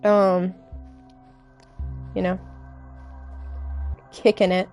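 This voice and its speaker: A young adult woman streaming live and chatting with viewers in a candid, earnest way, halting often with fillers and restarts. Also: mid-range voice, darkish tone, soft background music. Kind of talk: casual chat with stream viewers.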